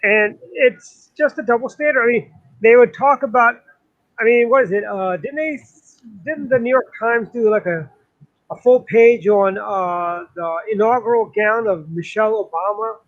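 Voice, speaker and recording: This co-host of a political commentary show has a high voice and talks at normal speed, captured in narrow, tinny audio. Indignant, he goes on in long stretches full of fillers.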